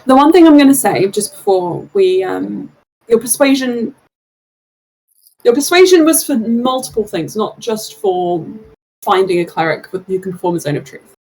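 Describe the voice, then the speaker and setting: A woman running a tabletop game as game master, narrating scenes in a relaxed, hesitant way with many fillers. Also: medium pitch, moderate pace, rough recording.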